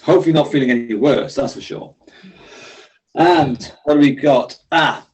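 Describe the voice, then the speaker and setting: Guy running an exercise class, upbeat cues, kinda higher voice. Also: moderate pace, darkish tone, highs cut off. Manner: encouraging, friendly, clear step-by-step cues. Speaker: exercise instructor. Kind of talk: leading a seated workout class.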